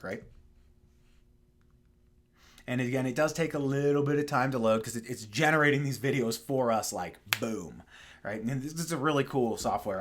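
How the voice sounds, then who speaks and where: A young man casually walking through software on screen, dropping frequent fillers and asking "right?" as he goes. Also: mid-range voice. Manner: relaxed, full of fillers and tag questions. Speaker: software tutorial presenter. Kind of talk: casual screen-share walkthrough.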